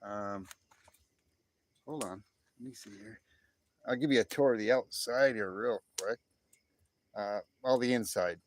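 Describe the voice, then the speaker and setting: A man's voice: lowish voice, unhurried, pauses often. A middle-aged American man live streaming from beside an outdoor fire pit on his phone, chatting in a rambling, easygoing way with many restarts as he answers viewers. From United States. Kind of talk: casual chat reading viewer comments.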